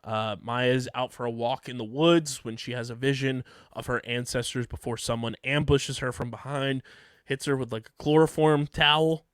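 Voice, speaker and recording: A man's voice: medium pitch, fairly even intonation, moderate pace, clear, resonant tone, dry recording, clean studio sound. A man co-hosting a podcast, rambling through a plot recap with frequent ums and laughs. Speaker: podcast co-host recapping episodes. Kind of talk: casual podcast chat.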